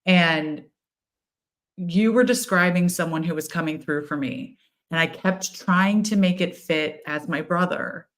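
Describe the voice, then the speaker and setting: A woman co-hosting a casual spiritual chat, telling stories with lively, acted-out quotes. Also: fairly low pitch, a little slow. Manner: animated storyteller, acts out quotes. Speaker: co-host, tarot reader.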